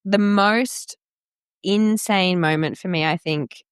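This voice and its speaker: A young Australian woman, a radio presenter, chatting candidly as a podcast guest with quick asides. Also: medium pitch, clear, resonant tone, no room sound. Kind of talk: casual interview chat.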